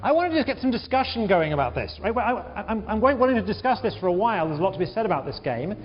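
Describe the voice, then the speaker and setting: A man teaches a large university class, his voice high and swinging widely as he repeats himself and quizzes the room. The sound is dull and lo-fi, with a long echo from the lecture hall. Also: racing, a little hiss or hum. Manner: animated, repeats words, questions the class.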